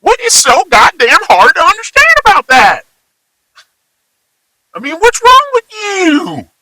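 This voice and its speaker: A man's voice: extremely high pitch, wildly swooping pitch, a little slow, no room sound, pitched above the performer's own voice, full character voice, low-quality recording. A man putting on an angry country father with an exaggerated Southern accent, scolding his son. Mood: yelling. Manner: yelling, scolding.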